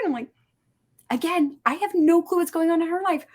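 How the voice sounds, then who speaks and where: A woman's voice: very high voice, brisk. A woman guest on a podcast telling stories in casual conversation, acting out quoted dialogue with lots of "like" fillers. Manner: animated, acts out quoted dialogue, many "like" fillers. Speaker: podcast guest, suicide prevention instructor.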